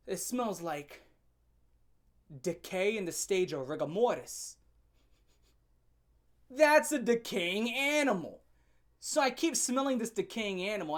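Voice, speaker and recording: A man's voice: high voice, fairly bright tone. Brash joking young man ranting. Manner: brash, joking, crude, rambling. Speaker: vlogger. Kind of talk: storytime rant.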